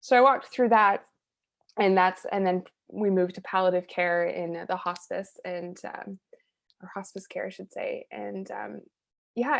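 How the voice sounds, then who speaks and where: Middle-aged woman, interview guest, earnest candid storyteller, mid-pitched, phrases fading soft. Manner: earnest and reflective, trailing off into soft quiet phrases. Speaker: interview guest, wellness coach.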